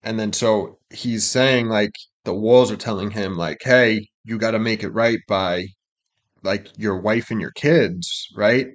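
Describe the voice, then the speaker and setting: Brief: young male co-host, lowish voice, casual and rambling, lots of "like" and "you know". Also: unhurried. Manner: loose, rambling with many fillers. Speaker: co-host explaining song lyrics. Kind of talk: casual reaction chat.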